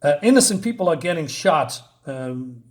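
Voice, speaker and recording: A man hosting a relaxed comic review video, walking viewers through the plot. He pauses often to search for words and leans on fillers as he goes. His speaking voice sits a little higher than most men's. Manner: hesitant, many fillers while retelling a plot.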